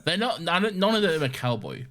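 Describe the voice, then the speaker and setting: A man co-hosting a podcast in casual chat, playful and quick to laugh as he recaps an episode. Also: on the high side, sing-song, fairly bright tone. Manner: playful, laughs often, does cowboy impressions. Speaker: podcast co-host.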